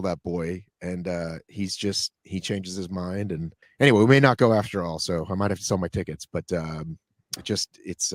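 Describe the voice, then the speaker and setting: A man's voice: sits low, no echo, studio quality. A middle-aged American man hosting a casual podcast interview, chatty and teasing. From United States. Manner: chatty, teasing, lively questions. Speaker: podcast host.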